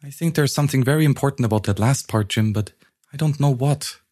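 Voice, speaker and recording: A man voicing a troubled, intense woman in an audiobook, his voice pushed higher and strained for her. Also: fast talker, a little mellow, lightly acted. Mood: puzzled. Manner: strained, raising pitch for her. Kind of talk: audiobook reading.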